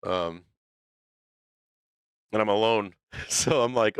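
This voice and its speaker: A man's voice: fairly low pitch, lively intonation, extremely slow, long pauses, clear, resonant tone, no room sound. A middle-aged man hosting a stock market livestream, talking in a blunt, profane, rambling way full of restarts. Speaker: stock market show host. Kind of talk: casual livestream rant.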